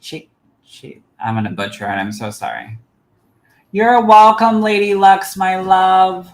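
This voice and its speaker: On a psychic medium livestream, a man with a high-sitting voice reads cards for viewers at an unhurried pace, warmly addressing them as "my love" in an animated way. The audio is poor and reverberant.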